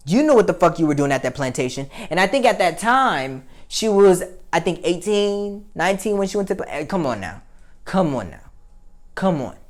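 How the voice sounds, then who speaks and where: A young adult woman hosts a casual opinion commentary. Her voice sits a little low, and she talks bluntly and heatedly, swearing freely and leaning on fillers. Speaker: commentary show host.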